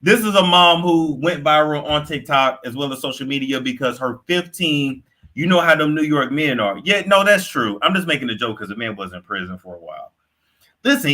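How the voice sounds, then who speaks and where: A young man giving casual, profane gossip commentary, animated and quick to react, sometimes slipping into put-on accents. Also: fairly high pitch. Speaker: commentary host.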